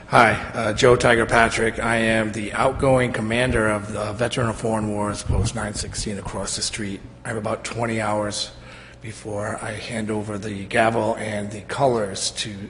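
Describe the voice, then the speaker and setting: A middle-aged man, a veterans' post commander, giving an emotional, halting tribute at public comment in a council chamber. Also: fairly low pitch, gravelly, slight background noise. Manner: halting and emotional, with many fillers. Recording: reverberant council chamber with faint ambience.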